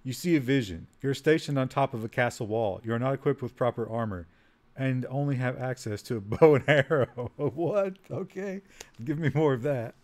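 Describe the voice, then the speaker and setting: A man's voice: mid-range voice, fairly quick. A man streaming, reading out a text adventure game aloud, often laughing at it and trailing off while he types. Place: home streaming setup.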